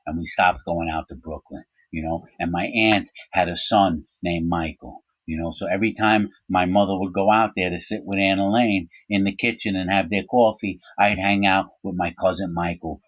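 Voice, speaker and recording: Low raspy guy telling a story casual-like, lots of asides, dry close sound. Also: no room sound, poor audio. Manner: conversational, rambling with asides and fillers.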